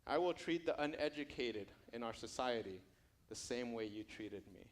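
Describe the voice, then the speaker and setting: Peter, an outspoken fisherman turned disciple, as a male preacher puts him on. He confesses humbly, tripping over restarts. His pitch stays in a plain middle register. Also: animated, moderate pace, lightly acted. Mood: humble.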